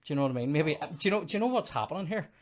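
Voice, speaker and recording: A man's voice: on the high side, animated, racing. A man hosting a comedy podcast, ranting in mock outrage and casual chat about a film.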